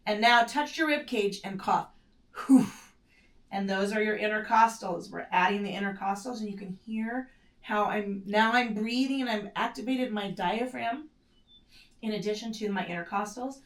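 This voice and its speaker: A woman's voice: medium pitch, moderate pace, far from the mic. A woman teaching a mat pilates class in a casual, self-correcting way, breathing in short strained breaths as she does the moves herself. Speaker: pilates instructor. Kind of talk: guided exercise instruction. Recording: echoey room, set back from the mic.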